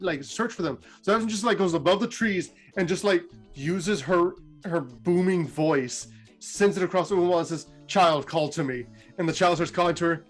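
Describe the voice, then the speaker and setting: A man casually retelling fantasy game lore in a chatty way, full of fillers and sudden pitch jumps. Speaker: lore storyteller.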